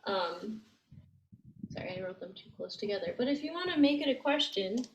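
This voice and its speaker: A woman's voice: on the high side, lively intonation, moderate pace, highs cut off. A woman teaching language grammar, explaining step by step in a patient way and thinking aloud with many fillers. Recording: echoey room with faint noise.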